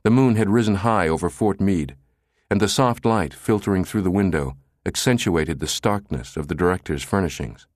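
A man narrating an audiobook in a steady, measured way. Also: sits low, dry recording, studio quality.

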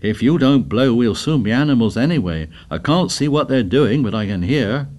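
A man's voice: medium pitch, expressive, normal speed, darkish tone, lightly acted. A man reading the part of an anxious, fussy schoolboy who pleads earnestly. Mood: pleading.

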